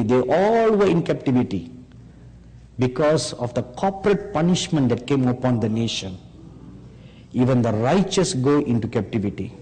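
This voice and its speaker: A man preaching a sermon, speaking slowly and emphatically and rising on rhetorical questions to his listeners. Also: medium pitch, dark tone, slightly rough. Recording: long hall reverb.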